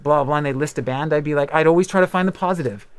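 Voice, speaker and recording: Fast-talking man telling candid stories. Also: fairly high pitch, clean tone. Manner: rambling, candid storytelling with many fillers and swearing. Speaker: podcast host and musician. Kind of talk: casual chat.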